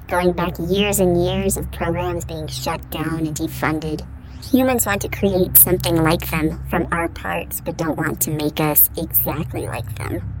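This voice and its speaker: A woman voicing a cold, defiant female robot in an audio drama, speaking in a flat, clipped, calculating way. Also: lowish voice, natural voice. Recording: noisy background hiss.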